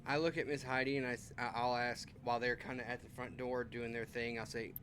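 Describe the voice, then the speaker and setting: A man's voice: medium pitch, flat delivery, fairly quick, few pauses, a bit bright, slight background noise. A man playing a tabletop game, talking casually and laughing easily. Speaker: player.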